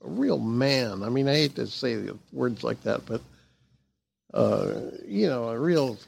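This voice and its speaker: An older man, a guest on an interview show, talking casually and haltingly, with many fillers, restarts and chuckles. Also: mid-range voice, animated, vocal fry, husky. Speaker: guest, jazz bassist and former actor.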